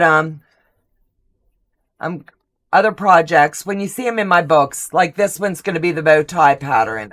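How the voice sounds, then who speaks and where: A woman with a low, deep voice hosts a live stream in casual chat. She talks at an unhurried, slow pace. She is gushing and effusive, reading out viewer comments as they come in. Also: fairly bright tone. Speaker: host of a live sewing stream.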